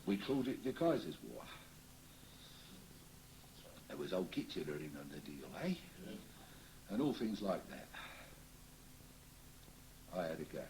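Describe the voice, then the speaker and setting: A man's voice: sits low, noisy background. A man in a trance-séance recording, speaking as the spirit of a cheery old Cockney costermonger with a Cockney accent, rambling and chuckling as he chats. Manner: rambling, chuckling, folksy chat. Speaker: trance medium.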